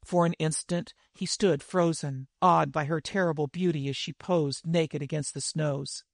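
A man narrating a dramatic fantasy story in a vivid, measured reading. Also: fairly high pitch, fairly even intonation, vocal fry, no echo, studio quality. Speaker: audiobook narrator.

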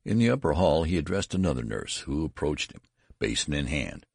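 A man narrating a story as an audiobook reading, with dramatic, expressive delivery. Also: rumbling low, brisk, gravelly, husky, dry recording, clean studio sound.

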